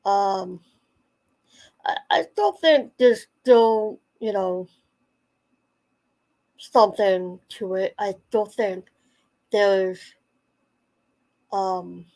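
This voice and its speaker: A woman's voice: medium pitch, very slow, gravelly, pauses often, darkish tone, rough recording. A woman in her forties telling a personal story in a casual, rambling way, full of fillers and restarts. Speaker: channel host.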